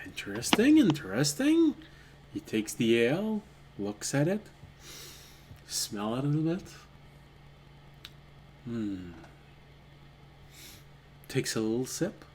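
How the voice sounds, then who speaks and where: A man running a tabletop game, narrating his character's small actions quietly and slowly. His voice has a lively rise and fall, with a faint hiss behind it. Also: medium pitch. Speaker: game master.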